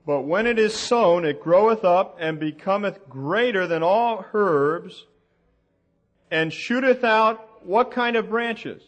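A man teaching a sermon from the Bible, slow and deliberate, asking the audience questions as he reads out passages. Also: high voice, expressive. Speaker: preacher.

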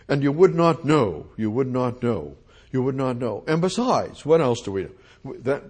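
A man's voice: medium pitch, a little mellow, breathy edge. A man preaching an expository sermon, repeating phrases and asking his listeners rhetorical questions. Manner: repetitive, rhetorical questions to the congregation.

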